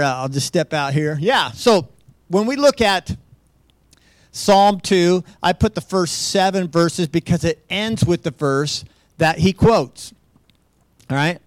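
A pastor teaching a Bible study in an informal, conversational way, often checking in with listeners and restarting phrases. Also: male voice, a little high, dry recording. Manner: chuckles lightly, restarts phrases. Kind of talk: conversational sermon with slides.

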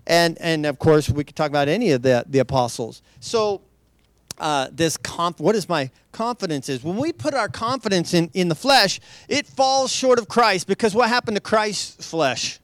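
A man's voice: sits high, animated, normal speed, no echo. A man preaching a conversational sermon, loose and chatty, with frequent restarts and light laughs. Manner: loose, chatty delivery with many restarts and asides; laughs lightly between points.

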